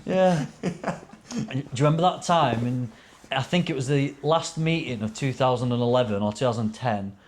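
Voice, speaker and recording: A man's voice: medium pitch, brisk, slight background noise. A young man, a podcast guest telling rambling anecdotes in casual chat, swearing and acting out quotes. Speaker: podcast guest, racing driver.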